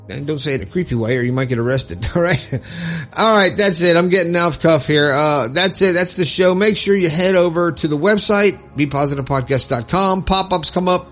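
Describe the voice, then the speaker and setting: A man's voice: fairly high pitch, brisk, fairly bright tone, faint music behind. A middle-aged man hosting a solo podcast, talking in an earnest, upbeat, rambling way about staying positive, with casual swearing. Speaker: podcast host.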